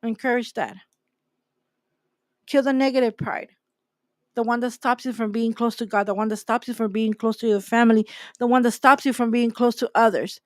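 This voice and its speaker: A woman gives a faith talk in an emphatic, preaching style and drives her points home by repeating them. Her voice sits on the higher side, and the sound is close and dry with no room echo. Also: steady tone, normal speed, pauses often. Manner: emphatic, repeats key phrases. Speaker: host.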